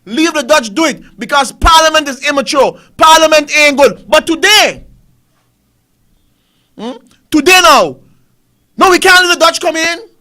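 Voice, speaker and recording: A man's voice: very high voice, expressive, a little slow, long pauses, sharp tone. A man with a Caribbean English accent, hosting a talk show and ranting about politics with repeated rhetorical questions. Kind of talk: fiery political commentary.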